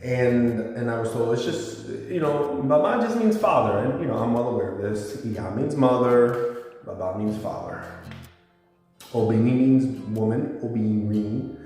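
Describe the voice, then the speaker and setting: A man's voice: mid-range voice, a little mellow, very echoey, long reverb tail, distant mic. A man talking informally to his viewers as a YouTuber, explaining words and spelling them out. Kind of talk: casual monologue to camera.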